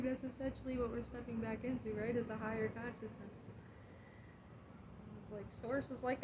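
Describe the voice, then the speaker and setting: A woman giving a reflective casual monologue on her spiritual healing, chatty and quick to laugh at herself. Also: high-pitched, steady tone. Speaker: spiritual vlogger. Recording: clear background insect noise.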